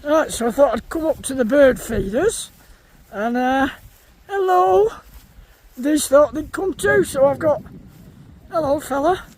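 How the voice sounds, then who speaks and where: A man, vlogging outdoors in a field, chatting casually to his viewers and his animals. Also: very high voice. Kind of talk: casual vlog chat.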